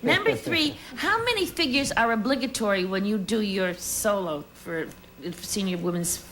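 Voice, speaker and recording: A woman's voice: mid-range voice, expressive, moderate pace, a bit bright, slight background noise. A woman on a game show panel, chatty and teasing as she questions contestants.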